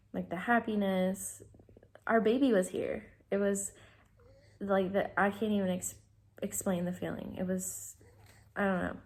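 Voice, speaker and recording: A young woman tells her story straight to camera in an unscripted, casual way. She rambles, trips over her words and fills pauses with ums and likes. Her voice sits in a middle pitch. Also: darkish tone. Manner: rambling, many fillers and restarts. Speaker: vlogger.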